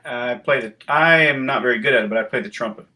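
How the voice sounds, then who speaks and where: A man co-hosting a casual chat show, talking hesitantly with many pauses and ums. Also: mid-range voice, pushed and bright. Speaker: co-host.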